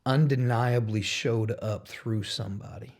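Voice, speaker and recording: A man's voice: medium pitch, fairly even intonation, unhurried. A man, the church's pastor, interviewing a church member, affirming her and tying her story back to faith. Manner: warm and affirming, eager to connect the story to faith.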